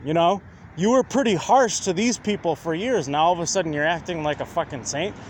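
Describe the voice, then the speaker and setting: A man's voice: fairly high pitch, fairly quick, slight background noise. A man ranting to his viewers in a combative, profane monologue, repeatedly asking whether they understand. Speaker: vlogger.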